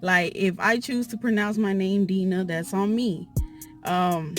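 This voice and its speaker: A woman's voice: mid-range voice, steady tone, unhurried, soft background music. A woman vlogger telling a story in a casual, chatty, exasperated way, with lots of fillers, from inside a car.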